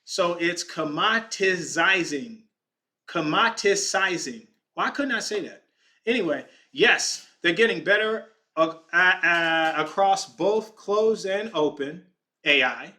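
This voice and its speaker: Chatty man with a bright voice, thinking aloud. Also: sits high, expressive, takes it slowly. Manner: thinks aloud, stumbles over words, jokes to chat. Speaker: podcast host. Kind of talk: casual screen-share commentary on stocks. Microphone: desk microphone.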